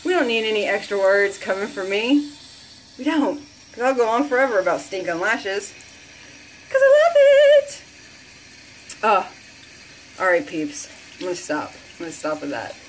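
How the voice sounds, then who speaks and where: A woman hosting an excited sales chat for viewers, gushing and repeating phrases for emphasis with breathless exclamations. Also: medium pitch, a little hiss or hum. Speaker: host selling beauty products.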